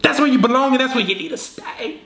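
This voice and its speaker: A man's voice: very high voice, huge pitch swings, fast talker, pushed and bright, reverberant, voice pushed up, full character voice. A man putting on the voice of a sassy young woman who is being brushed off, speaking in an indignant, slangy, mocking way. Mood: dismissive.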